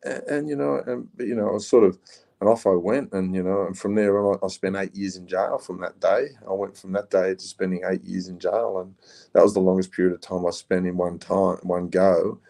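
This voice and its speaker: Gravelly low-voiced Australian man. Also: steady tone, fairly quick, mellow. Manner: rambling, frequent ums, laid-back. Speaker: podcast guest. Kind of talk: casual storytelling.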